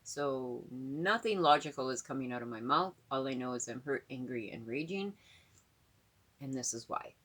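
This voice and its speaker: Husky low-voiced woman, rambling and earnest. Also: lively intonation, normal speed, fairly bright tone. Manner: rambling, earnest, many fillers and repeats. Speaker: vlogger. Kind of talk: casual talk to camera.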